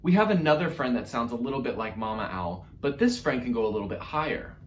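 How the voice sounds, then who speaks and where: A man's voice: mid-range voice, lively intonation, fast talker, roomy sound, a little hiss or hum. A man teaching an online music lesson to young children in an upbeat, encouraging way, speaking directly to his class.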